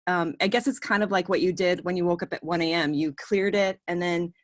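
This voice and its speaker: A woman asks a question on a video call. Her voice is dry and close, and she speaks haltingly with plenty of fillers. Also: fairly low pitch, fairly even intonation, no room sound. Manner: hesitant, full of fillers. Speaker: caller asking a question.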